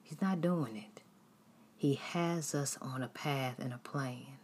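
A woman preaching an earnest devotional sermon, exhorting her listeners and often dropping into hushed, whispered phrases. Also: a bass voice, slow pace, breathy edge.

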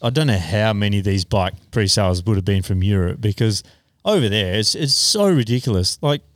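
A man's voice: fairly low pitch, animated, fairly quick, dry recording, studio quality. A man chatting casually on a podcast, telling riding stories and laughing often. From Australia. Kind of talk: casual chat.

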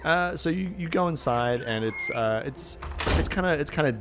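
A man narrating as game master in a tabletop game, halting and full of fillers. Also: a little high, expressive, a bit bright.

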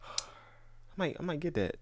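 A man's voice: a little high, sing-song, normal speed, dry recording. Young dude on a podcast, teasing his buddy in slang, dry close sound. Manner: teasing, joking slang banter. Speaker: podcast co-host. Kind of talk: casual chat.

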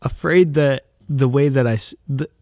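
A man's voice: mid-range voice, normal speed, darkish tone, no echo, studio quality. A young man hosting his own podcast in a casual, rambling monologue, often hesitating, restarting and correcting himself, recorded on a microphone. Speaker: podcast host.

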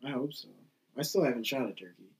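A man's voice: medium pitch, animated, fast talker, darkish tone, breathy edge, rough recording. A man hosting a podcast, chatting in an easygoing, agreeable way. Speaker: podcast host. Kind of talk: casual chat.

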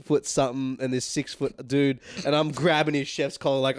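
A man's voice: mid-range voice, little pitch movement, moderate pace, few pauses, smooth, dry recording, clean studio sound. A man telling a story in casual podcast chat, laughing often and swearing freely. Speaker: podcast guest, former chef.

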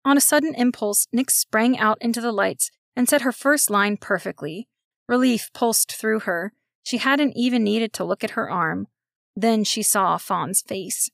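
A woman reading a children's story aloud, giving steady, expressive narration. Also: on the high side, a little slow, vocal fry, dry recording, clean studio sound.

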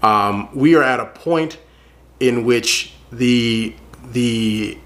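A man's voice: mid-range voice, extremely slow, a bit bright. A man giving earnest spoken commentary to his viewers, repeating phrases for emphasis and calling them folks. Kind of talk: casual spoken commentary to camera.

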